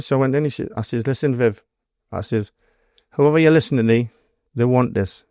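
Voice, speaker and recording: A man's voice: mid-range voice, fairly quick, few pauses, mellow, dry recording, clean studio sound. Blunt Geordie man telling stories. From North East England. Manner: blunt storytelling, heavy swearing, acts out quoted dialogue. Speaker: guest, former doorman. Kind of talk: casual interview storytelling.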